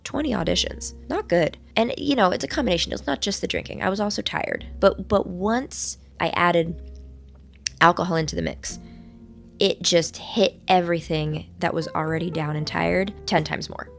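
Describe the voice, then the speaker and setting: A woman hosting a casual vlog from a hotel room, her voice hoarse while it recovers, chatting in a playful, rambling, self-mocking way. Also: lowish voice, normal speed, soft background music. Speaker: vlog host. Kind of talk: casual chat to camera.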